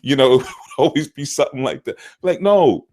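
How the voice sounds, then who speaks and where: A middle-aged man, a spiritual teacher, talking casually and telling stories, often jumping high into quoted voices. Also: quick pace. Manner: animated, jumps into quoted voices with big pitch swings. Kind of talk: casual storytelling talk.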